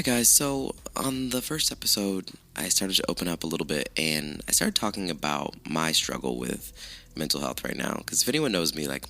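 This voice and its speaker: A man hosting his own podcast, chatting casually with lots of swearing and self-mockery, his voice rough with morning allergies. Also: extremely low pitch, sharp tone. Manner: chatty, profane, self-mocking. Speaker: podcast host. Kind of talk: casual solo podcast chat.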